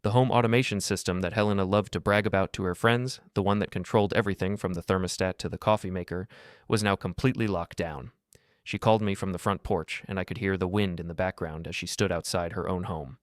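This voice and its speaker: Deep male narrator, dry booth sound, measured and calm first-person storytelling. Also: no room sound.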